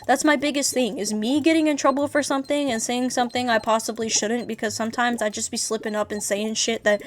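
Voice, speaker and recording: Chatty woman streamer, a little high. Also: steady tone, fast. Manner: candid, rambling, swears freely. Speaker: VTuber streamer. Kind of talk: casual livestream chat.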